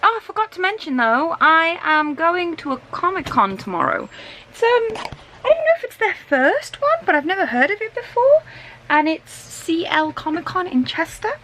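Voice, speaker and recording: A woman's voice: very high voice, sing-song, normal speed, bright, forceful tone, a little hiss or hum, low-quality recording. A woman vlogger chatting casually and rambling, self-deprecating, while suffering from a migraine. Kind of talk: casual chat vlog.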